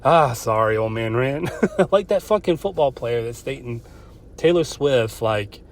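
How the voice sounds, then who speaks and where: A man's voice: medium pitch, animated, measured pace. A man who calls himself an old man, hosting a podcast and ranting in a profane, rambling way, often restarting his sentences. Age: older. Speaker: podcast host. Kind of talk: casual solo podcast rant.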